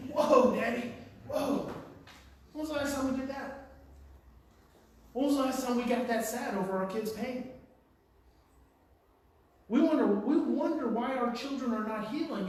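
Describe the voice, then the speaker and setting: A man giving an impassioned talk to parents. He speaks emphatically, repeats his phrases and swings from quiet to loud. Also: extremely high pitch, a little hiss or hum. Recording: very echoey room, far from the mic.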